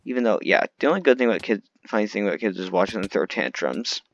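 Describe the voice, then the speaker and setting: A man's voice: on the low side, animated, quick pace, dull audio. A man delivering an unscripted, rambling rant full of complaints, often restarting his sentences. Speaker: vlogger.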